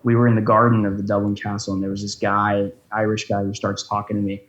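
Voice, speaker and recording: A man's voice: fairly low pitch, completely flat delivery, quick pace, a bit bright, dull audio. Young man rambling over a roomy call. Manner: rambling storyteller, swears a lot. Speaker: guest. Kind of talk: casual chat. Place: room of a rental flat.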